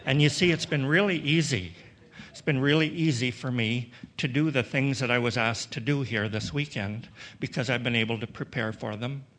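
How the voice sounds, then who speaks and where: A man from Western Canada, middle-aged or older, shares his own story with a gathered audience. His pitch sits squarely in the ordinary male range, and he speaks in a reflective, halting manner. He often restarts his sentences and slips in some dry humor. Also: a bit bright. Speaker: recovery meeting speaker.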